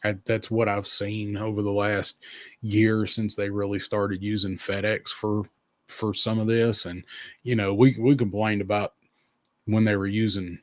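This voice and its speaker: A man's voice: lowish voice, level tone, a little slow, dry recording. A man hosting a casual podcast, talking in an easygoing, rambling way with lots of fillers. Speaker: podcast host. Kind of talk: casual chat.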